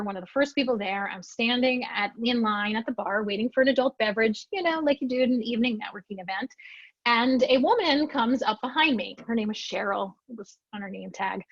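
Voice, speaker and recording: A fairly high-voiced woman trainer tells a story with lots of energy, acting out her own reactions as she goes. Her voice comes through a dry, muffled video-call microphone. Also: dry recording. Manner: lively, expressive, acts out her own lines. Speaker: storytelling trainer presenting a webinar. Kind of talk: animated storytelling presentation.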